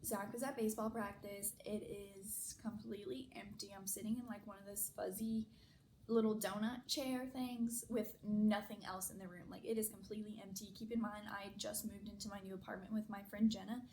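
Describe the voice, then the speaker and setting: A woman's voice: medium pitch, fairly even intonation, a little fast, a little mellow. Chatty young woman, echoey room. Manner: chatty, lots of "like" fillers. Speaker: vlogger. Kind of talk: casual storytelling. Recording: echoey room, faint noise.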